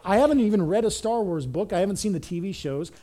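Man, pastor, high-pitched voice, conversational sermon, rhetorical questions to the audience. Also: expressive, fast talker, warm tone.

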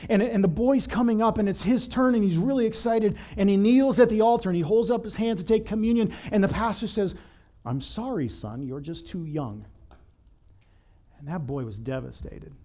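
A man as pastor, giving a conversational sermon with animated storytelling, often repeating words as he starts a sentence. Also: sits high.

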